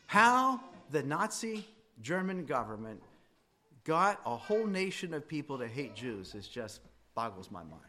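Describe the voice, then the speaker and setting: Lively, conversational man teaching a class. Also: a little high, unhurried, slight background noise. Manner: conversational, asks students directly, voice rises and drops widely.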